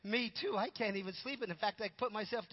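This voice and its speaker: A man voicing a weary, sleepless female royal advisor who speaks softly, low and tired. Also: quick pace. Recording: dull sound with long hall reverb.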